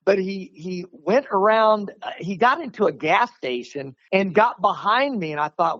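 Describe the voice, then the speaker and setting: A man telling a story in a casual, animated way, often laughing and restarting his sentences. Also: high voice, normal speed, dry recording, dull audio. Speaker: martial arts instructor, podcast guest.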